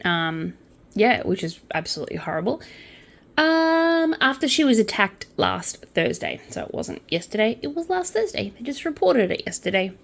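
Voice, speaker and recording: A woman's voice: on the high side, sing-song, moderate pace, vocal fry. A young woman hosting a casual crochet and true-crime channel, reading news items aloud and adding chatty asides. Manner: chatty, with asides and quiet counting under her breath.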